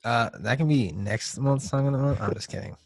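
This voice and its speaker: A young man co-hosting a podcast, laid-back with deadpan jokes. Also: mid-range voice, a little fast, no room sound, clean studio sound. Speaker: podcast co-host. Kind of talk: casual chat.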